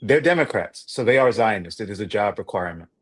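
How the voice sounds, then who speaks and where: A man's voice: fairly low pitch, expressive, quick pace, slightly rough. A man hosting a political talk show, breaking down arguments analytically and steering the discussion.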